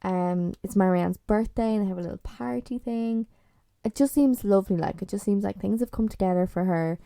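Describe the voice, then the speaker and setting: A woman's voice: mid-range voice, fairly quick, vocal fry, mellow, no echo. A woman hosting a podcast, chatting casually and bluntly, swearing freely and filling her talk with "like" and "um". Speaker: podcast host. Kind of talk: casual solo chat reviewing a TV series.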